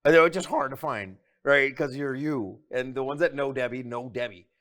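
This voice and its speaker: A laid-back man tells stories as a guest on a casual chat show. He often laughs along with his own tale, and his voice sits at an ordinary middle pitch. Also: normal speed, fairly bright tone. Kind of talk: casual storytelling.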